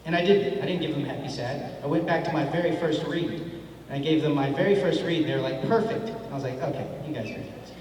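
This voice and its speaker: A man's voice: on the high side, fast, darkish tone. Laid-back man in an echoey hall. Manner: laid-back, laughing, acts out dialogue in his stories. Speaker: convention panel guest. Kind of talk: storytelling at a fan panel. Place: large convention hall. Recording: echoey hall from far off, faint noise.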